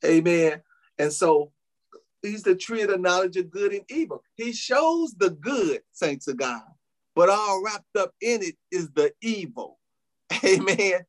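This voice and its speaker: A man's voice: high-pitched, expressive, measured pace. A male pastor preaching a sermon, calling out to the congregation with frequent amens, hallelujahs and little laughs. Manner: preaching with frequent "amen" and laughs, addressing "saints".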